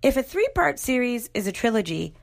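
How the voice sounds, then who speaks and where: A woman asking a voice assistant questions in a deadpan way. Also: a little high, a little fast, vocal fry.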